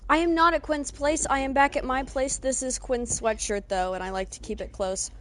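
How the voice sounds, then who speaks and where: A woman streaming live, chatting casually and excitedly greeting her viewers. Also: high voice, normal speed, slight background noise. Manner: excitable, greets chat warmly.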